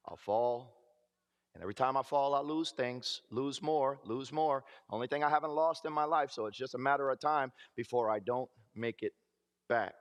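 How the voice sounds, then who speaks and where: A man preaching a personal testimony, telling his story and acting out the voices of people in it. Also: mid-range voice. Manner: storytelling, acts out quoted voices. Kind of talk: testimony sermon. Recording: reverberant hall.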